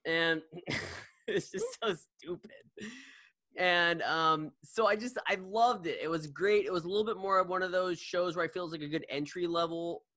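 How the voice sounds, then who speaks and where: A man co-hosting a podcast chats casually and rambles, with many fillers and restarts. His voice sits high and has a sharp tone at normal speed, in a recording with no echo.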